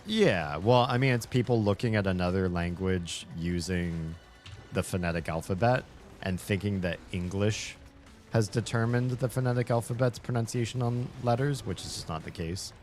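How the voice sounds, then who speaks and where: Deep-voiced male streamer, laughing and thoughtful. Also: normal speed, a little mellow, faint music behind. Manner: laughs often, rambling and thoughtful. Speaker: streamer and host. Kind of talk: casual chat while gaming.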